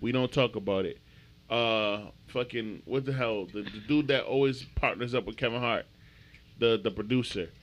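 A man co-hosting a podcast, telling stories in a lively, profane casual chat. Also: medium pitch, normal speed. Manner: animated storyteller, swears freely. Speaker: podcast co-host.

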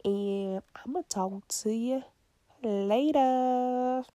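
A woman's voice: medium pitch, steady tone, a little slow, gravelly, over music. A young woman hosting her own podcast in casual solo chat, rambling and chatty, laughing often and dropping into whispers. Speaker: podcast host.

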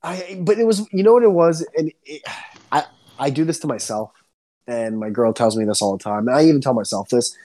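A young man co-hosting a podcast, ranting excitedly and swearing a lot in casual chat. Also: a little fast. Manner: excitable ranting, heavy swearing, swings up high when worked up. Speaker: podcast co-host.

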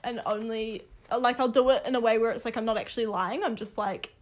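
A woman's voice: a little high, fairly even intonation, quick pace. A young woman co-hosting a podcast in casual chat, chatty and laughing often, with a casual swear here and there. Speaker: podcast co-host.

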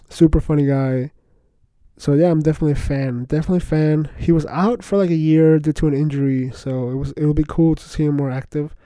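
Chatty young man with a dark voice. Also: fairly high pitch, smooth, dry recording. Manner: excited rambling slangy chatter, lots of "bro" and "like". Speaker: podcast host. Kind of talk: casual solo podcast talk.

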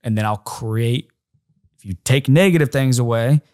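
A man's voice: mid-range voice, moderate pace, a little mellow, no echo, studio quality. A man hosting a casual podcast conversation, asking questions and musing on simplifying life. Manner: reflective, teasing, asks questions.

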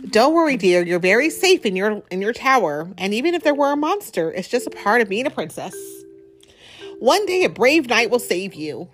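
A doting storybook king who fondly soothes his worried child, as a woman reads him aloud. His voice lifts brightly. He comes across as kindly and a little dismissive. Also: fairly high pitch, sing-song, moderate pace, soft background music. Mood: soothing.

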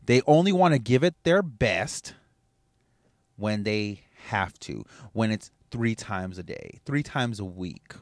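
A man's voice: on the low side, animated, unhurried, darkish tone, no room sound, studio quality. A man, a father, giving a blunt, profane motivational rant as a podcast host. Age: adult with kids.

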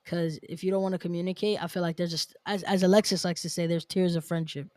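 A woman's voice: lowish voice, flat delivery, fast, warm tone, dry recording, clean studio sound. A woman hosting a podcast, chatting casually and animatedly, laughing often as she talks. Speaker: podcast host.

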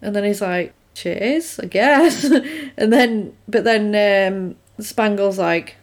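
Chatty woman recapping a film. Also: medium pitch. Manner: chatty, retells scenes with quick quoted voices. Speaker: podcast co-host recapping a film. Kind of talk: casual chat.

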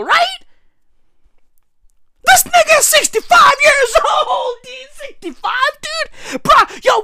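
High, bright, shouting woman ranting. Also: dry recording, clean studio sound. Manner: loud, exaggerated, crude ranting with frequent shouts. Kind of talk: comic rant.

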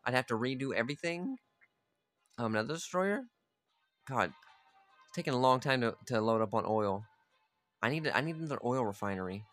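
A man's voice: medium pitch, animated, moderate pace, pauses often, fairly bright tone, faint music behind. A man giving casual, profane gameplay commentary, chatting aloud and ordering his units around as he plays. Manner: chatty, swears freely, talks to his units. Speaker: gamer playing a strategy game.

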